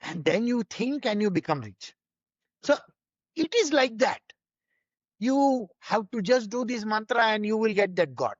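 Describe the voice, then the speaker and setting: A man's voice: sits high, animated, moderate pace, dry recording, muffled recording. A man giving an informal spiritual teaching, conversational and full of rhetorical questions.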